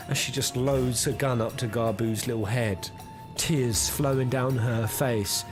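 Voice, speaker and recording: A man's voice: medium pitch, steady tone, measured pace. A young man streaming a game, chatting casually, teasing himself and laughing often. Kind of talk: live let's-play commentary. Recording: game music underneath.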